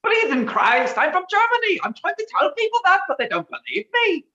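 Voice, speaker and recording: A woman's voice: high voice, huge pitch swings, a little fast, pushed and bright, exaggerated voice. A woman voicing a man who keeps pleading that he is a German prince and nobody believes him. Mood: insistent. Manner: pleading, exasperated. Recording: dull roomy recording.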